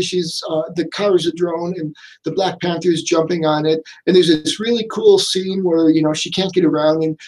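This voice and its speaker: A man's voice: darkish tone, poor audio. A man hosting a casual film review, rambling and chatty with lots of fillers and restarts. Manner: acts out lines in quick high put-on voices. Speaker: podcast host reviewing a film.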